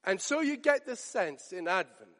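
A man with a high voice delivers a sermon, earnest and deliberate, leaning on repeated phrases. His words ring out with a long reverb trailing behind them, as in a large church. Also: very animated, fairly bright tone. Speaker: preacher.

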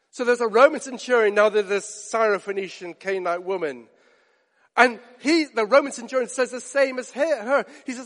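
A man preaching a sermon, animated and often putting questions straight to his listeners. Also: very high voice, fairly quick. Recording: long hall reverb.

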